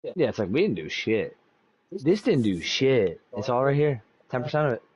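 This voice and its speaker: A man's voice: mid-range voice, sing-song, moderate pace, a little mellow, husky, no room sound. A man in casual, joking banter with a friend while they play a video game together. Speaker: co-player. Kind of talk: casual gaming chat.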